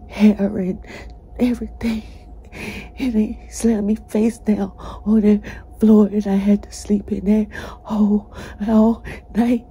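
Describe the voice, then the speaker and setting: Breathless, distressed woman with a breathy voice. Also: mid-range voice. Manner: halting, shaky and distressed, slipping between hushed whispers and tearful outbursts. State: short of breath. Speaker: person telling her own ordeal online. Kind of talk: emotional personal testimony.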